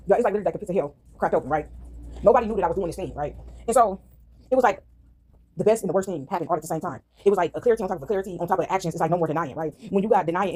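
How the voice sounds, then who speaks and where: A woman vlogger telling her viewers a long, animated story in a rapid monologue, often tagging her sentences with a questioning "right?". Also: mid-range voice.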